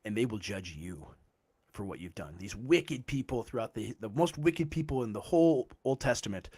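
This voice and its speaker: A man's voice: fairly low pitch, expressive, normal speed, darkish tone, breathy edge. A man in a casual theological discussion, explaining passages and often checking in with "right?".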